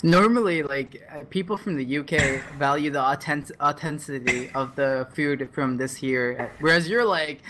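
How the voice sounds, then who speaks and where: League caster ribbing their partner, middle-pitched, faint room hum. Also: moderate pace, few pauses, a bit bright. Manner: teasing, banters with co-caster. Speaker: esports caster. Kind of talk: casual esports commentary.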